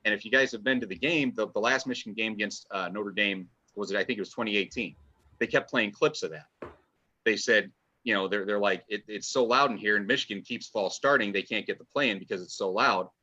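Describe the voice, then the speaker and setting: A man with a low-leaning, sharp voice talks fairly quickly as a podcast guest and fan writer. His casual chat is enthusiastic and rambling with restarts, in dull lo-fi audio.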